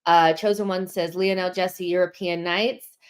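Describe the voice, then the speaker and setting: A young woman hosts a live football fan stream, reading viewer comments in a casual chat and sounding slightly out of breath. Her voice is fairly low, her delivery flat, and her pace measured.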